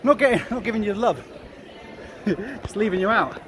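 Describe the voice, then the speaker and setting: Male vlogger, high-ish voice, joking and walking, busy crowd and traffic all round. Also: lively intonation, normal speed. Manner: chatty, jokey, laughs often, swears casually. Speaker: travel vlogger. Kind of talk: casual walk-and-talk vlog. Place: busy city street at night, outdoors. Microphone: handheld camera he films with. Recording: busy crowd and street noise.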